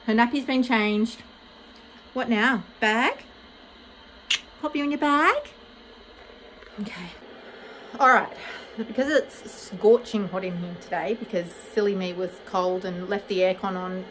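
A young mother talks casually to the camera on her phone, turning to coax her baby in a sing-song voice. Her voice sits a little high and sounds bright and clear. A faint hiss of room noise lies underneath. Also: low-quality recording. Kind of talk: casual vlog chat. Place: baby's bedroom, indoors. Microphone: phone camera held by hand.

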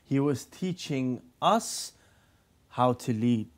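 Male host, average pitch, brief affirming interjections. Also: expressive, takes it slowly. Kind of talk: religious talk show discussion.

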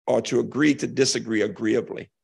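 An older man giving a keynote talk, answering an audience question with animated, emphatic storytelling and slow, dramatic pauses. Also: mid-range voice, creaky, breathy edge. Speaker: keynote speaker. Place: lecture hall.

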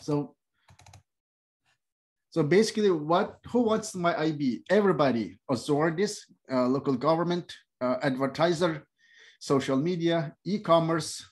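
A middle-aged man whose first language is Uyghur, teaching a classroom lecture in halting speech with many fillers and restarts. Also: a little high, animated. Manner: non-native phrasing. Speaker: instructor.

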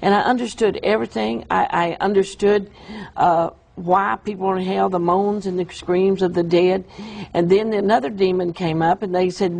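A woman telling an emotional, halting account of a vision in an interview. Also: medium pitch, steady tone, vocal fry, a little mellow, slightly rough, low-quality recording. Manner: emotional, halting storytelling with restarts. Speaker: guest describing a vision. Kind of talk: earnest testimony in an interview.

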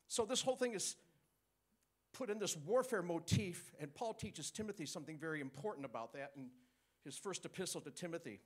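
A man preaching a sermon, teaching with call-and-response and chuckles. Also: a little high.

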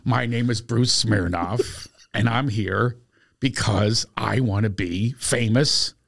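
A man's voice: fairly low pitch, slow, gravelly, a bit bright, heavily acted. A man imitating an eager, tactless young male comedian who earnestly pleads about wanting fame.

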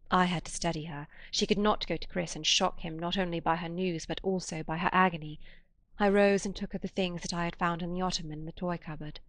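A woman narrating a literary audiobook in a measured, quiet and deliberate way. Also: lowish voice, fairly even intonation, no echo.

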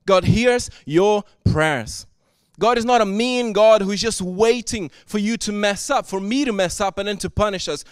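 High-voiced preacher, dry sound. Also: male voice, no echo. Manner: earnest, swings from soft to loud and emphatic. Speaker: pastor. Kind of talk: sermon. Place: church service.

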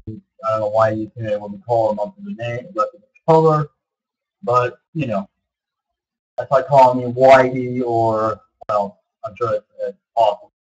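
Vlogger, male, early 30s, husky voice, meandering delivery, dull lo-fi recording. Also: mid-range voice, unhurried. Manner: meandering, repeats himself, many fillers. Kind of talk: rambling casual monologue.

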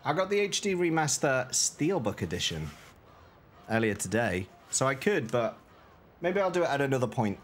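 A man's voice: mid-range voice, sing-song, normal speed, a little hiss or hum. A young man streaming a game, bantering and joking in rambling commentary. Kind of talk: live gameplay commentary.

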